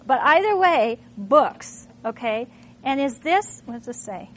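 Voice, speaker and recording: A woman's voice: high voice, big pitch swings, a little slow, a little hiss or hum. A middle-aged woman from Minnesota, a teacher thinking aloud with lots of rhetorical questions while demonstrating to a room. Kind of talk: classroom demonstration talk.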